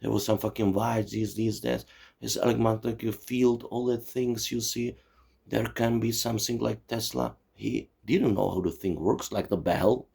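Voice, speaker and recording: His voice sits on the low side, warm with vocal fry and a breathy edge, holding a steady tone at moderate pace. The forties-aged channel host from Czechoslovakia curses and digresses through a rambling monologue, leaning constantly on "you know" and "you see."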